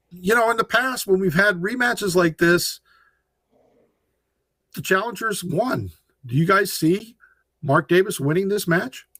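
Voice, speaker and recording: A man hosting a casual round-table chat about wrestling, animated and joking, laughing often. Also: high voice, no echo, studio quality. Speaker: podcast host.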